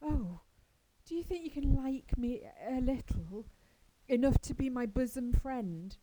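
A woman voicing an excitable, dramatic young orphan girl who speaks fervently and earnestly. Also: high-pitched, unhurried, background noise, voice pushed up. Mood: fervent anxious.

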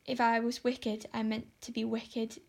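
A woman's voice: on the high side, little pitch movement, unhurried, darkish tone. A woman reading aloud and voicing a dramatic young girl who pleads in overwrought, tragic tones. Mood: pleading. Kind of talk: audiobook character voice.

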